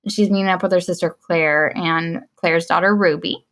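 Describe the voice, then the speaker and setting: A woman's voice: lowish voice, normal speed. Woman podcast co-host, chatty recap, acts out the characters' lines. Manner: animated storyteller, acts out quoted lines; laughs often. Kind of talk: casual chat recapping a film.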